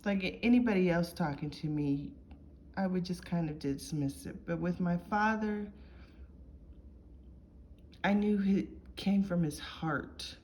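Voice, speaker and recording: Slow, earnest woman telling her story. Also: lowish voice, warm tone, slight background noise. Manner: earnest, reflective, heartfelt. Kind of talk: personal confessional storytelling.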